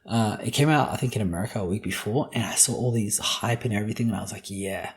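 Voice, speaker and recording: A man's voice: fairly low pitch, quick pace. A young man hosting a solo podcast, talking casually in a joking, profane, ranting way. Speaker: podcast host.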